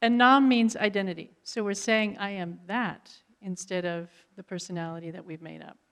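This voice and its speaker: A woman yoga teacher calmly explaining a mantra before leading a short guided meditation. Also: medium pitch, normal speed. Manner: calm, explanatory.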